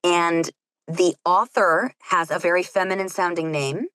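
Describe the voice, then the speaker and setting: A woman's voice: fairly even intonation, measured pace, a bit bright, dry recording, low-quality recording. Chatty woman narrator with playful quotes. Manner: rambling and self-mocking, acts out quotes with big pitch jumps. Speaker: audiobook narrator and guest. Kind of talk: casual chat between narrators.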